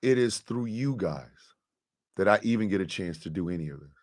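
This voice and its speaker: A man hosting his show, talking to his audience in an impassioned, profane monologue that swings from quiet confession to loud outrage. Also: low voice, animated, moderate pace.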